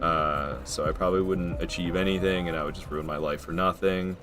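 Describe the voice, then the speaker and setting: A man's voice: low-pitched, steady tone, a little fast, music in the background. A young man streaming a game, chatting casually and swearing freely, working himself up into heated rants.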